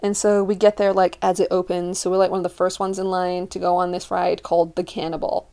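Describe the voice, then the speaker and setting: Young woman, casual storytelling, animated, acts out quotes, warm mellow tone. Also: on the low side, brisk. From living in Utah. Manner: animated, acts out her friends and herself in quoted voices.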